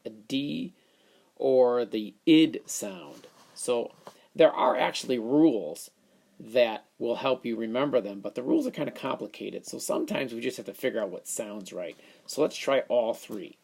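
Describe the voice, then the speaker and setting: A man's voice: on the low side, gravelly, a little mellow, breathy edge. A male teacher explaining a phonics lesson, sounding words out and thinking aloud as he works through each one.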